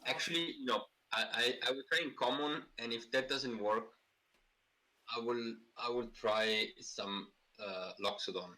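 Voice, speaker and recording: A man's voice: medium pitch, measured pace, pushed and bright, rough recording. A man playing a tabletop game, talking in a hesitant, stammering way. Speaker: player. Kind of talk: casual chat during a tabletop game.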